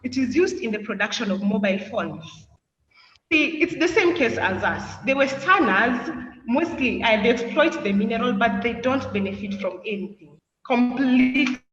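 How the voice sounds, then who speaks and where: A woman's voice: fairly high pitch, lively intonation, normal speed, fairly bright tone. Earnest girl in an echoey hall. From Kenya. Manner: rhetorical, questioning, earnest. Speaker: student speaker. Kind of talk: impassioned speech. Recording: echoey hall, distant, muffled, faint noise.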